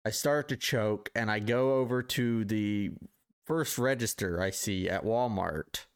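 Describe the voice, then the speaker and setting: A man co-hosting a casual podcast, introducing listener topics and telling an anecdote, with relaxed "uh" fillers. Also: on the low side, unhurried, clear, resonant tone. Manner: easygoing, with "uh" fillers and restarts. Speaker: podcast co-host. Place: live-streamed podcast studio.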